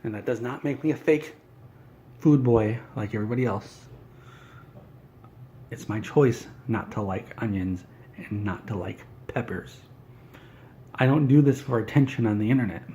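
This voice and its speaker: A man's voice: medium pitch, moderate pace, pauses often, warm tone, highs cut off, a little hiss or hum. A man doing an in-character comedy monologue, ranting in an indignant, whiny, self-important way.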